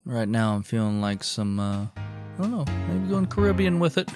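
A man's voice: medium pitch, sing-song, normal speed, darkish tone, soft background music. A man hosting a podcast, goofy and tipsy, joking around with his co-host. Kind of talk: casual podcast banter.

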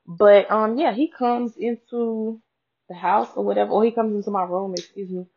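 A woman's voice: mid-range voice, steady tone, normal speed, creaky, husky. A woman host telling a personal story in a casual, frank way, swearing freely and speaking straight to her listeners. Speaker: podcast host. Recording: dull lo-fi sound.

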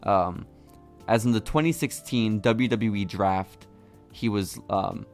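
A man's voice: fairly low pitch, slow pace, faint music behind. A man co-hosting a podcast, spinning long build-up stories in loose, profane banter. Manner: storytelling build-ups, swears freely. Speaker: podcast co-host.

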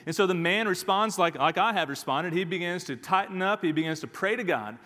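A pastor seems to be deep in a sermon, preaching a little fast in a fairly high voice that rings with long reverb around the sanctuary. He presses his points home emphatically, repeating key phrases and saying "all right" often.

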